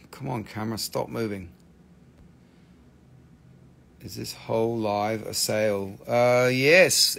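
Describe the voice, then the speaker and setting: A man's voice: medium pitch, vocal fry, fairly bright tone. A man with an American accent hosting a casual live-stream crystal sale, joking and swearing as he rambles over the stones. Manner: joking, profane, rambling while showing stones.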